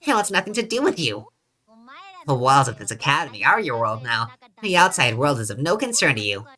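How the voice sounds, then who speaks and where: A gloating, taunting bear headmaster from a video game, as a woman puts him on. The voice sits low and smug, mocking the students with relish. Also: big pitch swings, fairly quick, bright, forceful tone, full character voice. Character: mischievous male bear headmaster.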